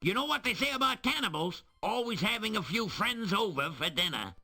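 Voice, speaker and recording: A man's voice: high-pitched, very animated, fairly quick, gravelly, over music, full character voice. An actor playing a small, wisecracking male gnome jester in a video game, telling corny jokes with a self-satisfied air. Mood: joking. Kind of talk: voiced video game dialogue.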